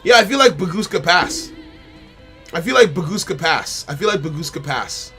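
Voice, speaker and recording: A fairly high, bright-toned man talks through his turns in a live card game stream. He mutters his options, repeats lines over and over as he decides, and speaks straight to his opponent and viewers, with soft music underneath. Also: expressive, moderate pace. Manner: thinks aloud, repeats phrases, talks to the opponent and chat. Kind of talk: casual live-stream commentary. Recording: faint music behind the voice.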